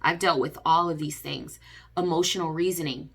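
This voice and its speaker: Woman vlogger, low bright voice, earnest and repetitive, lots of fillers. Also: moderate pace, gravelly, husky. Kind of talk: personal advice vlog.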